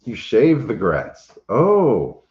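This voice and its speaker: A man's voice: fairly low pitch, wildly swooping pitch, very slow. A man hosting a casual chat, playful and teasing, laughing often. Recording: roomy, slightly dull recording.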